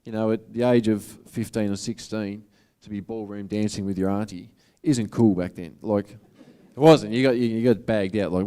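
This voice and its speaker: A man's voice: on the low side, fairly even intonation, normal speed, few pauses, dark tone, clear, resonant tone. A man with an Australian accent giving a motivational talk to an audience, in a casual, earnest, conversational way. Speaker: motivational speaker.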